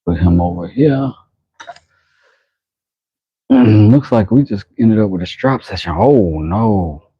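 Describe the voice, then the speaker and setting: A knifemaker hosts a livestream from his workshop, chatting casually with viewers and reacting aloud as he works. His lowish, husky voice is expressive and slow, with long pauses. The recording has no echo, but the highs are cut off.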